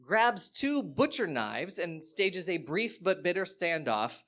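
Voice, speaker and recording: A man performing stand-up comedy on stage, telling a story in an animated, profane way with sudden loud outbursts. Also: high-pitched, takes it slowly. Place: live stage show.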